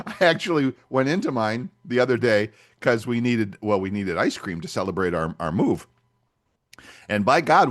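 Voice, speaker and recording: An older man co-hosting a podcast, chatting casually and acting out little scenes as he tells stories. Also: medium pitch. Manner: animated storyteller, acts out dialogue. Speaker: podcast co-host. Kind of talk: casual chat.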